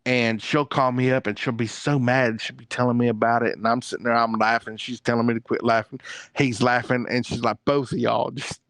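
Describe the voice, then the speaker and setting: A man's voice: medium pitch, flat delivery, fairly quick, a bit bright, no room sound. A man who is a guest on an interview show, telling rambling, plain-spoken stories about his family. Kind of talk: casual interview chat.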